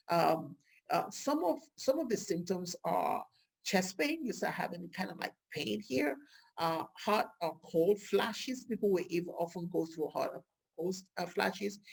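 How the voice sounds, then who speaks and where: Brief: husky, gravelly woman vlogger, chatty and lively, full of rhetorical questions. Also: lowish voice. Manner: lively, rhetorical questions, acts out quoted speech. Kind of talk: casual talk to camera.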